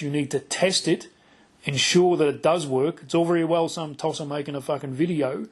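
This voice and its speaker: A man's voice: on the high side, normal speed, breathy edge. A middle-aged Australian man hosting a podcast, telling stories bluntly and swearing freely. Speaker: podcast host. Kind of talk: casual chat.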